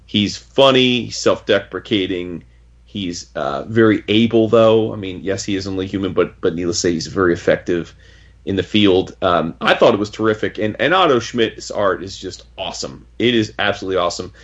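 A man's voice: sits low, fairly quick. A man casually reviewing a comic book on a podcast, enthusiastic and rambling, with frequent restarts. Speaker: podcast co-host. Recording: dull lo-fi audio.

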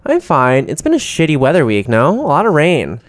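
A man's voice: on the high side, huge pitch swings, normal speed, no echo. A man co-hosting a podcast in casual chat, chatty and campy, swearing casually. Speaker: podcast co-host. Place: New York City.

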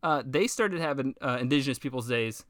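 Animated, profane man, dry sound. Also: mid-range voice, a little fast, dry recording. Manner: animated, profane, acts out quoted voices. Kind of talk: casual history chat.

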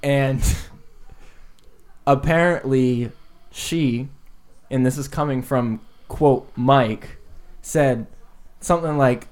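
A man's voice: medium pitch, steady tone, slow, pauses often, a little mellow. A young man and podcast co-host telling a prank story in casual chat, laughing often as he goes.

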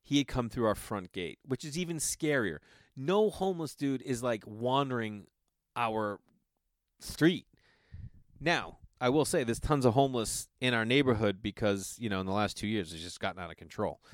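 A man's voice: medium pitch, moderate pace, no echo, studio quality. Profane, storytelling man podcast host. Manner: loose, profane, animated storytelling with acted-out quotes. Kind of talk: casual storytelling monologue.

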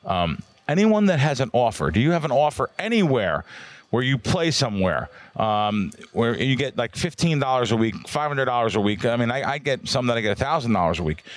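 A man's voice: medium pitch, no room sound. A man chatting casually on a sports betting radio show, rambling and joking with plenty of restarts. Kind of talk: casual chat.

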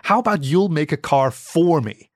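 Dude doing a flustered pregnant dog lady, stammery and fed up, high and swoopy. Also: expressive, normal speed, no echo, clean studio sound. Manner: flustered, exasperated. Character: flustered anthropomorphic female canine, pregnant.

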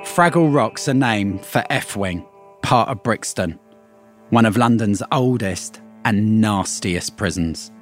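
A man giving scripted documentary narration in a measured, explanatory way. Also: fairly low pitch, lively intonation, faint music behind.

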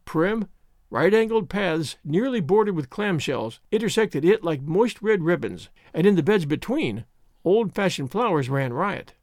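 A man narrating a classic novel as an audiobook, in an expressive storytelling manner. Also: high-pitched, unhurried, dry recording, studio quality. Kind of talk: scripted narration.

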